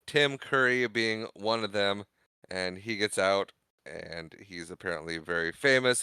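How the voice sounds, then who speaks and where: A man's voice: sits low, moderate pace, pushed and bright, smooth, no room sound. A man co-hosting a podcast, recapping a film in casual, jokey chat. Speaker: podcast co-host.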